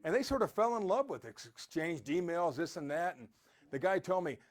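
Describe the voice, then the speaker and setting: A man's voice: high voice, animated, brisk. A man giving a rambling, storytelling motivational talk as a podcast host.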